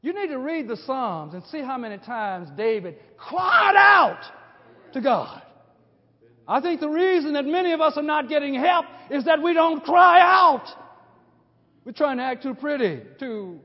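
Impassioned high-voiced preacher in a hall. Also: male voice, very animated, measured pace. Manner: impassioned, swings from hushed to shouting; repeats and restarts phrases. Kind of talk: sermon. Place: church sanctuary. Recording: dull sound with a long hall reverb.

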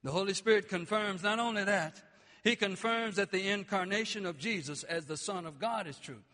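A man preaching a sermon with passion, dropping low and then rising to shouts. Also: normal speed, in a large hall. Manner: impassioned, swings between quiet and shouting.

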